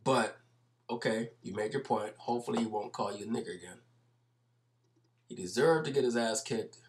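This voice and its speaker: A man's voice: lowish voice, normal speed, slight background noise. A man commenting over video clips, explaining at length in an emphatic manner and repeating his points.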